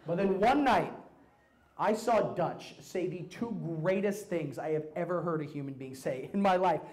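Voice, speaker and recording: A young man doing a stand-up routine, telling profane stories in a brash, animated way on a club stage. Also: high voice, normal speed. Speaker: stand-up comedian. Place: comedy club stage before a live audience.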